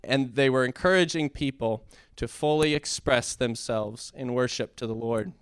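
A man sharing an earnest, halting testimony in a church talk that builds into impassioned preaching. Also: medium pitch, clean tone, dry recording, clean studio sound. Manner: earnest, halting, with many fillers and restarts. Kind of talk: heartfelt testimony sermon.

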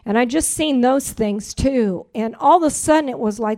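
Woman, middle-aged, church testimony, heartfelt prayer, earnest, rambling, slightly high voice. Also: normal speed, few pauses. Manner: earnest, rambling, grows animated and rises in pitch when praising. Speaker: church member giving testimony.

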